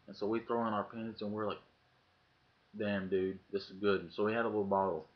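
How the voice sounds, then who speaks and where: A man's voice: fairly low pitch, little pitch movement, brisk. A man telling a story casually to his webcam, swearing freely and acting out the lines of people in it. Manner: profane, acts out quoted lines in the story. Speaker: vlogger. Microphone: webcam mic. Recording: dull lo-fi webcam audio.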